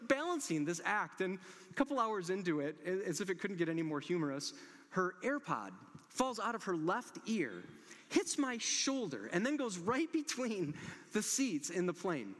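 A man preaching a conversational sermon as a pastor, telling stories with relaxed, gentle humor. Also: high-pitched, moderate pace. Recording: long hall reverb.

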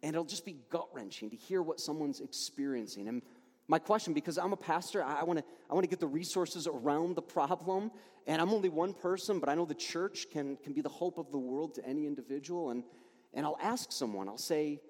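A man preaching a sermon as a pastor, emphatic and animated, often restarting his words. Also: fairly high pitch, a little fast. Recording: long reverb of a large hall.

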